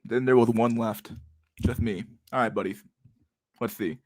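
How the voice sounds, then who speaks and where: A man's voice: medium pitch, fairly even intonation, moderate pace, a little mellow. A man hosting a stream, chatting casually and joking crudely with his guests. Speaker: stream host. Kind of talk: casual chat.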